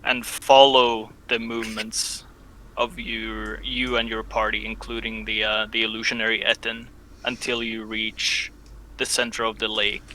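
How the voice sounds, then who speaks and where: A man narrating a tabletop game as game master, often pausing and searching for words. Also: fairly low pitch, flat delivery, sharp tone, slight background noise, poor audio. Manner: hesitant, searching for words with many fillers.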